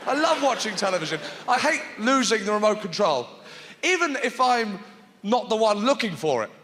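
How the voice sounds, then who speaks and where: A man performing stand-up comedy on a theatre stage, animated and often shouting. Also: sits high, moderate pace. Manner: animated, shouting bits and put-on voices. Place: large theatre stage with live audience. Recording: echoey hall with crowd noise.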